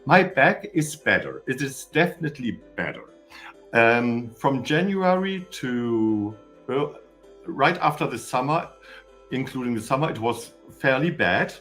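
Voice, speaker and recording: A man's voice: mid-range voice, big pitch swings, unhurried, a bit bright, faint music behind. Rambling German-accented man on a live stream. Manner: rambling, stammering, cheeky, greets viewers by name. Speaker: YouTuber hosting a live stream. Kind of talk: casual live stream chat. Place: home in Austria.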